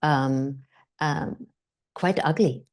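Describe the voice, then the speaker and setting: Middle-aged woman, slightly low voice, chatty interview guest who acts out quotes. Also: very slow. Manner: animated storyteller, acts out quoted voices, many fillers and restarts. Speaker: guest actor and director. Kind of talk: casual interview conversation.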